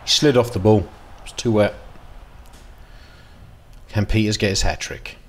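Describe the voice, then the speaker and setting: A man giving casual, excitable commentary while playing a football management game, dropping to mutters and jumping to loud outbursts. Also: lowish voice, a little slow, slight background noise. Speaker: gaming video host.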